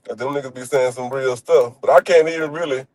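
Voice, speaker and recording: A man's voice: medium pitch, fairly even intonation, fast talker, darkish tone, poor audio. A young man, chatting and joking loosely, full of slang and fillers. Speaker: streamer. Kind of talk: casual storytelling chat.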